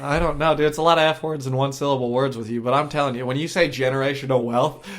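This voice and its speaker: A man tells a long story on a casual podcast, rambling and crude. He laughs through it, and his voice sits at an ordinary middle pitch. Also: fairly even intonation, fast, a loud crowd. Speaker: podcast co-host. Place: shared room with co-host.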